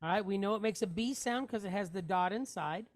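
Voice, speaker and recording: A woman's voice: medium pitch, brisk. A woman teaching a Hebrew reading lesson, patiently sounding out each syllable and repeating words aloud.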